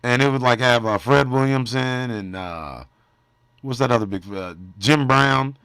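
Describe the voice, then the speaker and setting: A man hosting a casual livestream at a middle pitch, joking with and teasing the chat. He often drops into quiet mumbles between louder bursts. The sound is dry and close, with no room echo. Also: a little slow, clean tone. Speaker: livestream host.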